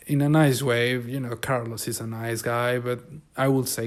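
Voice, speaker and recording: A man's voice: medium pitch, flat delivery, a little slow. Rambling male podcast host telling a story. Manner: rambling, swearing, many restarts. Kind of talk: casual storytelling.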